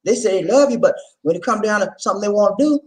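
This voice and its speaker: A man hosting a vlog, talking casually to his viewers in an animated, laughing, rhetorical way, repeating his points often. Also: high voice, racing, low-quality recording. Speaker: vlog host.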